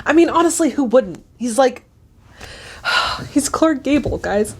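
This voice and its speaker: A woman's voice: high-pitched, expressive, measured pace, slightly rough. A young woman hosting a casual movie reaction, chatty and gushing, often laughing.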